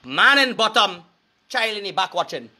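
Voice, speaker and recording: A man's voice: sits high, very animated, normal speed, sharp tone. A man with a Trinidadian accent giving a crude, preachy rant, breaking into sing-song chants. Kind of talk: profane rant to camera.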